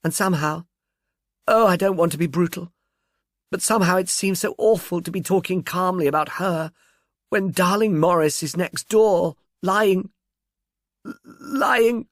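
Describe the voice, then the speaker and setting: A man voicing a theatrical, tearful woman who gushes and pleads in a high, breathy voice and turns spiteful. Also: animated, measured pace, pauses often, no room sound, studio quality, exaggerated voice. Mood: mournful gushing.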